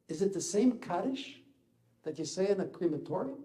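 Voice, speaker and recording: An older man with an Israeli accent giving a halting, emotional personal speech as an ambassador. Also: high-pitched, big pitch swings, dark tone. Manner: halting, searching for words, rising intensity in places.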